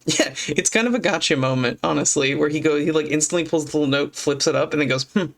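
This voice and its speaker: Man, podcast co-host, fairly high pitch, gravelly, animated casual chat. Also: fast talker. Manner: animated, playful, chatty.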